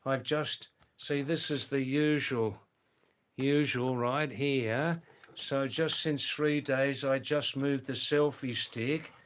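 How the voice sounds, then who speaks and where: A man's voice: mid-range voice, fairly even intonation, slow pace. An older man, chatting casually on a live stream, greeting viewers by name and often saying wow.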